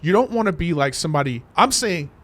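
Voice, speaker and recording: A man's voice: on the high side, animated, fast, a bit bright. A man appearing as a comedian guest on a podcast, talking in casual chat, emphatic and swearing freely.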